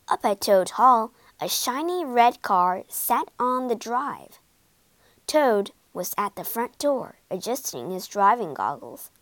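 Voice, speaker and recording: Slow, lively woman storyteller. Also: a little high, no room sound. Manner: slow, lively expressive reading. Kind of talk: scripted storybook narration.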